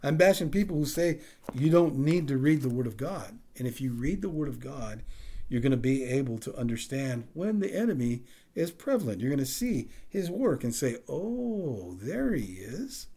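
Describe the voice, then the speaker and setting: A male pastor preaching a sermon and closing in prayer, animated, swinging between loud emphasis and soft, low passages. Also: moderate pace.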